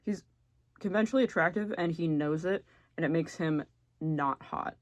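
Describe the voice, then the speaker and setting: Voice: mid-range voice, moderate pace, no echo. A young adult YouTuber giving blunt, sarcastic, casual comedic commentary and swearing freely. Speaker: YouTuber ranking game characters.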